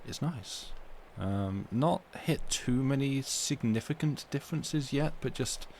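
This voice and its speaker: A man's voice: medium pitch, lively intonation, measured pace, a little mellow, slight background noise. A man hosting a live stream, chatting casually with his viewers in a rambling, self-interrupting way, at home. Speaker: livestream host reading stories aloud.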